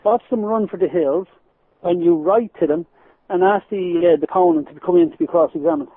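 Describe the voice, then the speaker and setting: Irish male guest, lively storyteller, talks fast, calling in over a phone line. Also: sits high, no room sound. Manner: animated storyteller, laughs while telling anecdotes. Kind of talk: phone-in radio interview. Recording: tinny phone line, dry.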